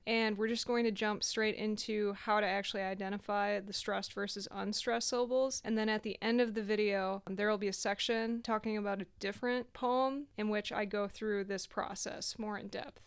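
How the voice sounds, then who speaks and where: In an instructional video, a young adult woman teaches poetry writing in a smooth, mid-range voice. She explains methodically, step by step, with the odd filler.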